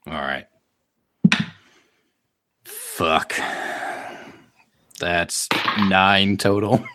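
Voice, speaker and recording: A man's voice: low voice, extremely slow, sharp tone. A man playing a tabletop role-playing game, rambling casually as he describes his character's actions. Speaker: player.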